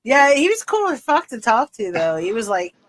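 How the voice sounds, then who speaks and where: Animated young woman telling a casual story. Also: on the high side, low-quality recording. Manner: animated, swearing, quick laughs while telling a story. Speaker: podcast guest.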